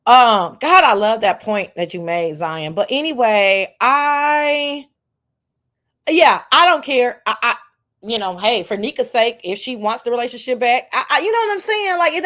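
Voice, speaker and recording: A woman hosting a casual chat show, loud and profane, acting out the people she quotes. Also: high-pitched. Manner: loud, profane and animated, acts out quoted voices. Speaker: host.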